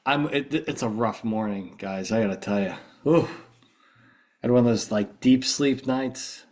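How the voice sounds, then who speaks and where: A middle-aged American man hosts a podcast, chatting casually while still groggy from just waking up. He rambles and restarts often, his medium-pitched voice a little mellow and measured in pace.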